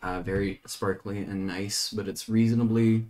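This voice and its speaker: A man's voice: fairly low pitch, level tone, moderate pace, darkish tone, faint music behind. A man playing a tabletop game, talking casually in a hesitant, rambling way with many restarts. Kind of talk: casual in-character play chat.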